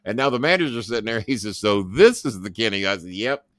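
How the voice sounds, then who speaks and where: A man's voice: on the low side, expressive, fast talker, a bit bright, no echo, clean studio sound. A man hosting his own show, rambling through casual stories with boasts, swearing and stammered restarts. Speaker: podcast host. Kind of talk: casual storytelling monologue.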